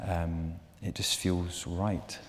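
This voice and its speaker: A man's voice: deep voice, little pitch movement, takes it slowly, fairly bright tone, a little hiss or hum. A man with a Scottish accent, chatting casually and jokily on a stage panel. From Scotland. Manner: jokey, restarts and laughs often. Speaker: actor on a panel. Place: large auditorium on stage. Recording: long reverb of a large hall.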